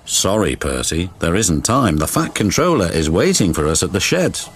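A British man voicing a brisk, practical male train driver. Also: low voice, sing-song, a little hiss or hum, voice pushed down.

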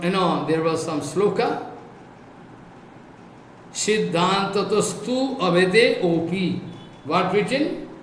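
Indian-accented male teacher, emphatic and repetitive, echoey room with faint noise. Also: sits high. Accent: Indian English. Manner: repetitive, emphatic, recites Sanskrit verses. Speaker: spiritual teacher. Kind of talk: devotional scripture lecture.

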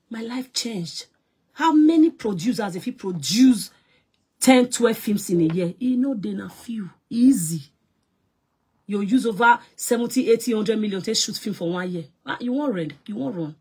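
Nigerian actress ranting on a live stream; husky voice, loud and scolding, swings in pitch and volume. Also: female voice, expressive, moderate pace.

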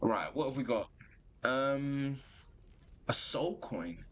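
Lively, slow-talking man streaming a game. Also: mid-range voice, vocal fry, slightly rough. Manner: animated, excitable, laughs often. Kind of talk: casual gameplay commentary. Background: game music.

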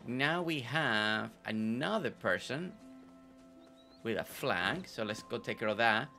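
Bright-voiced playful game streamer man. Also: medium pitch, expressive, slow pace, vocal fry. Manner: playful, joking, chats with viewers. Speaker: gaming streamer. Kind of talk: casual gameplay commentary. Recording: faint game music behind.

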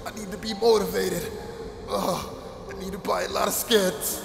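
A man hams up his own gameplay like a tense movie scene, urging himself on and lurching from hushed dread to sudden shouts. His voice sits a bit high with a gravelly fry. The room rings around him and music plays loudly underneath. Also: steady tone, unhurried. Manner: over-the-top dramatic self pep talk, swinging from hushed to shouting. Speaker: gaming YouTuber. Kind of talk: melodramatic gameplay skit. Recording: roomy sound with music behind.

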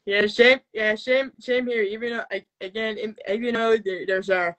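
A man voicing an earnest puppet friend, speaking haltingly with many restarts and getting emotional. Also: high voice, fairly even intonation, fairly bright tone, slight background noise, poor audio. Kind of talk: live puppet show chat.

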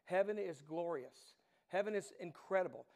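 A middle-aged man preaching a sermon as pastor, animated storytelling that swings from hushed to loud. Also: sits high, moderate pace.

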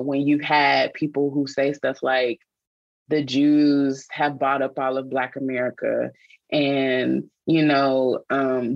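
Woman, podcast guest, earnest, reflective, deep voice, slow delivery. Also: no room sound, highs cut off. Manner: earnest, reflective, speaks with repeated restarts. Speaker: guest, theologian and author. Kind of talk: podcast interview conversation.

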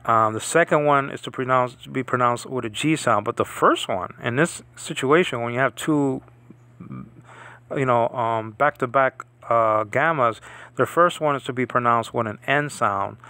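A man's voice: medium pitch, bright, forceful tone, no echo. A man giving an informal lesson on reading New Testament Greek, often restarting and repeating words to drill pronunciation. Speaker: Bible Greek teacher.

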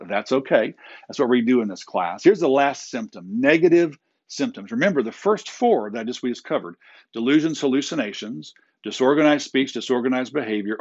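A man's voice: mid-range voice, lo-fi sound. A man giving a classroom lecture in a conversational way, with fillers and restarts, sometimes acting out short quoted exchanges. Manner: acts out quick quoted exchanges. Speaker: instructor.

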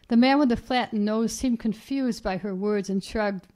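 A woman author reading her own short story aloud in a measured, even way at a reading event. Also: a little high. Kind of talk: literary reading. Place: reading event at a writers' house.

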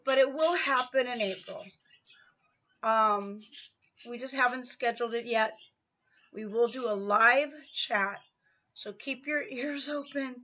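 A woman's voice: on the high side, sharp tone, dull audio. A woman chatting in a casual vlog update while pedaling an exercise bike at home, slightly out of breath and rambling with many fillers. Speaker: vlogger.

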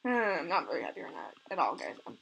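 A woman hosting a let's play, giving excitable commentary and gushing over cute animals. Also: on the low side, fast talker, creaky, a little hiss or hum, poor audio. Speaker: gaming channel host.

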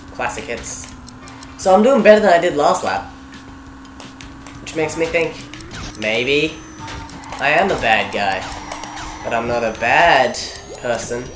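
A woman's voice: extremely low pitch, sing-song, slow pace, long pauses. A young woman giving rambling, jokey let's play commentary, talking to herself as she plays. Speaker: gaming commentator. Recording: echoey room with game music behind.

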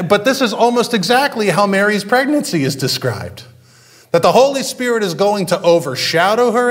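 A male pastor preaching a sermon in a conversational way, with frequent fillers and restarts. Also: high-pitched.

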